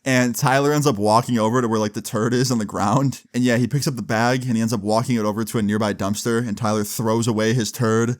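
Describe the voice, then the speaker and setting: A young man telling a story on his vlog, loose and slangy, often laughing. He swears freely and speaks in a medium pitch. It is casual chatter straight to his viewers. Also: steady tone, fast talker, few pauses. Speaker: vlogger.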